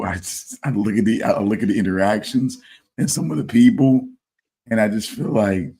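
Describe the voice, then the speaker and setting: A man co-hosting a podcast in casual chat, hesitant and halting as he muses. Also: on the low side, mellow, slightly rough. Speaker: podcast co-host.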